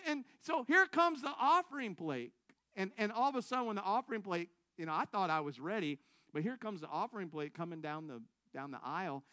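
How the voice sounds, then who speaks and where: A man with a high, bright, forceful voice preaches a testimony sermon from his own story. He is self-mocking and laughs as he goes, shifting from loud bursts to hushed asides. The sound is close and dry, with no room around it. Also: dry recording. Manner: big swings between loud excited bursts and quiet low asides.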